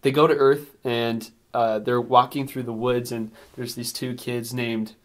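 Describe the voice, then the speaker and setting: A man's voice: medium pitch, little pitch movement, measured pace. A man co-hosting a casual podcast, rambling with lots of fillers and frequent laughs. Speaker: podcast co-host reviewing a film. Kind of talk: casual chat.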